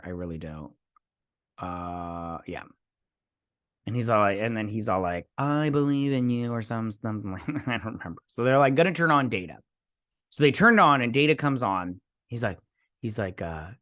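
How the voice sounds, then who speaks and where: A man's voice: on the low side, fairly bright tone, no room sound, studio quality. Rambling man recapping a TV episode. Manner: rambling, quotes characters in his own voice, many fillers. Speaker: show host reviewing an episode. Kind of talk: casual recap and review.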